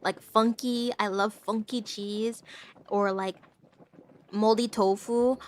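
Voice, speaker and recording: A woman's voice: medium pitch, moderate pace. A young woman chatting casually on a live stream, giggling often and tripping over her words as she rambles to her viewers. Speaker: VTuber streamer.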